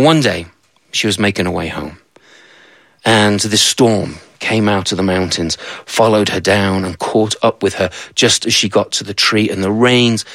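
A man's voice: fairly low pitch, a bit bright, no echo. Conversational male folktale storyteller. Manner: conversational, asides to the listener. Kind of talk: told folktale.

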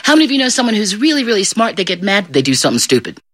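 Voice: mid-range voice, very fast. A middle-aged storyteller telling a folk tale live to an audience, playful and quizzing the listeners. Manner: animated, playful, asks the audience questions.

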